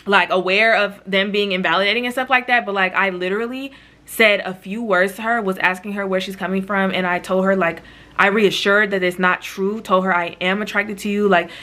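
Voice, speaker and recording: A woman telling a story in a casual vlog, animated and chatty, talking straight to her viewers. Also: medium pitch, a little fast. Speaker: vlogger.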